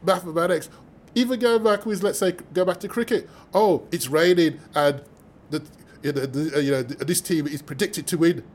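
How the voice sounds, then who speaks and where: Man, from the UK, somewhat high voice, animated storyteller, conversational guest. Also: moderate pace. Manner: lively, acts out quoted voices, laughs while telling. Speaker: mathematician guest.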